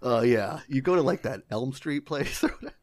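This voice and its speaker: A man's voice: mid-range voice, lively intonation, a little fast, a little mellow, no echo, studio quality. A man co-hosting a casual podcast, joking around and laughing often. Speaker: podcast co-host. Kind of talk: casual chat.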